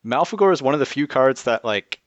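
A man's voice: mid-range voice, expressive, fairly quick, no echo, highs cut off. Podcast guy explaining stuff, bit hesitant, dry close sound. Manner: explains things with some hesitation and restarts. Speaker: podcast panelist. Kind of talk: casual podcast chat.

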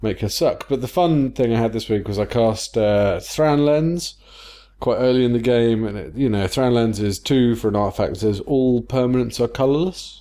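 A man's voice: mid-range voice, normal speed, mellow. A man co-hosting a podcast in casual chat, rambling and laughing often. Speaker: podcast co-host.

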